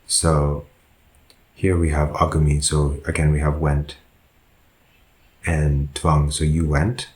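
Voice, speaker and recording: A man's voice: a bass voice, level tone, slow pace, pauses often, darkish tone, roomy sound. A man, a monk, teaching a language lesson, who goes through example sentences patiently and often corrects himself. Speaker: Buddhist monk teaching Pali.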